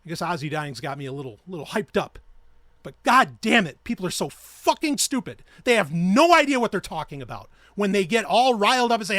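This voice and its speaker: A man's voice: high voice, sing-song, a little fast, fairly bright tone, dry recording, studio quality. A man hosting his own podcast, ranting in a heated, profane and sarcastic way. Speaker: podcast host. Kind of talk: ranting solo podcast talk.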